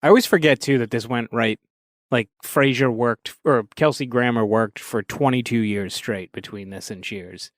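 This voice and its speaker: Man, podcast co-host, dry close sound, relaxed hesitant chat. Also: mid-range voice, normal speed, no room sound. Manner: casual, hesitant with fillers.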